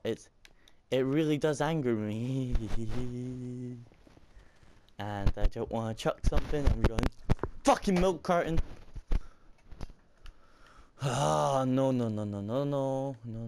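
Frustrated with the game, a young man swears and laughs at himself while doing let's-play commentary for his YouTube channel. He records on a computer microphone in his room at home, window open. His mid-range voice is creaky and a little mellow, and there's slight background noise.

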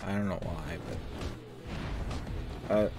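A man giving casual, joking let's play commentary while he plays a game, profane and excitable, over faint background noise. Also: low-pitched, slow pace, over music. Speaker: gameplay commentator.

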